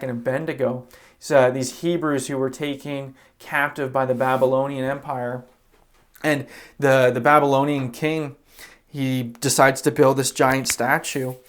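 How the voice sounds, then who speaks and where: A man preaching a sermon as pastor, retelling scripture in a casual, conversational way and briefly acting out the characters' lines. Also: medium pitch. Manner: casual storytelling, acts out quoted characters; conversational with fillers like "you know" and "like".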